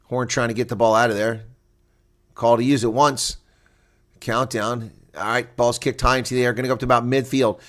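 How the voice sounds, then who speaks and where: A man giving live play-by-play rugby commentary, excitable and rising to shouts at big plays. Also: mid-range voice, a little fast.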